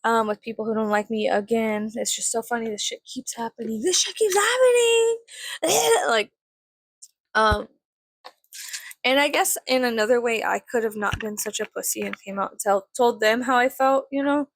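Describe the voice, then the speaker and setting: Woman vlogger, storytime while doing makeup; slightly high voice with vocal fry, swears a lot, rambles. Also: steady tone, normal speed, a bit bright, dry recording. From Mexican family. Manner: chatty, swears often, filler-heavy, rambling.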